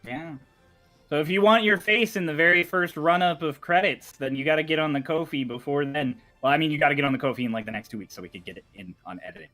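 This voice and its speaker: A man running a tabletop game as game master, chatting about merch and then narrating the opening in a measured dramatic way. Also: fairly high pitch, bright, forceful tone, soft background music.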